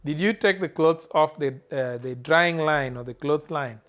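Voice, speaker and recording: A man teaching a language lesson, saying each phrase slowly and repeating it clearly. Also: fairly high pitch, fairly bright tone, faint music behind. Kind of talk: slow spoken language lesson.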